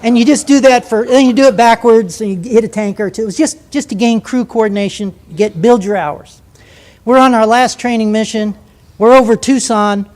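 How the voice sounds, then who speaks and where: An older man, a former jet pilot, telling a story to an audience in a lively, vivid way. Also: high-pitched, a little fast.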